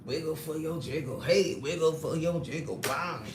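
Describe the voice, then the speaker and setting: A woman's voice: deep voice, moderate pace, reverberant, noisy background. A woman hosting a casual live stream, chatting animatedly with her viewers, laughing often and greeting them by name. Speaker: live-stream host reading chat.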